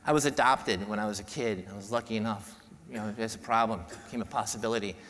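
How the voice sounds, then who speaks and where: A man's voice: lowish voice, fairly bright tone. New guy, podiatrist, giving a heartfelt speech, stumbles and repeats himself, big hall echo. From New York. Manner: heartfelt, halting, with repeated words and restarts. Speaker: podiatrist giving a keynote talk. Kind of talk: emotional speech to a conference audience. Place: large conference hall. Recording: long hall reverb.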